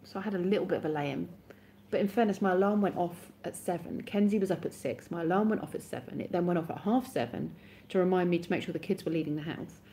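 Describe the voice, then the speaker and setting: A woman's voice: lowish voice, fast talker, mellow, a little hiss or hum. A woman hosting a live stream, chatting casually with her viewers, sleepy and yawning, giggly and self-mocking.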